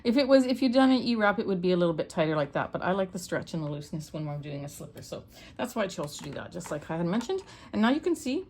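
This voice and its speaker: A woman's voice: fairly low pitch, sing-song, fast, a little mellow. A middle-aged woman from Canada giving a homey, step-by-step loom knitting tutorial as she works. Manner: chatty, homey, talks step by step while working. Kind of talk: hands-on craft tutorial.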